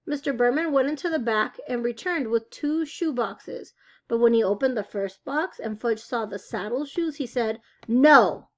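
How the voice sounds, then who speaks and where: A woman reading a children's novel aloud with expressive storytelling. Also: on the high side, normal speed, lo-fi sound. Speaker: reader.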